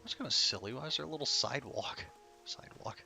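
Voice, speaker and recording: A man's voice: mid-range voice, expressive, quick pace, vocal fry, pushed and bright, faint music behind. A tired, sleepy man casually commenting on his gameplay to himself, rambling and swearing. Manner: rambling, profane, self-talking. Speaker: streamer playing an online game.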